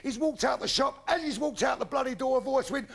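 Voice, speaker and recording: A man's voice: very high-pitched, fairly quick, vocal fry, fairly bright tone. A man doing brash, rude stand-up comedy on stage before a live audience. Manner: brash, rude storytelling with coarse punchlines.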